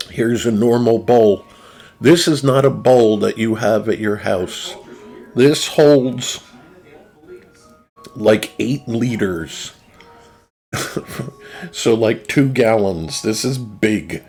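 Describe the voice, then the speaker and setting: A man's voice: on the low side, vocal fry, darkish tone. A man with a New Jersey accent hosting a casual chat, rambling loosely through food photos with lots of fillers and restarts. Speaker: channel host.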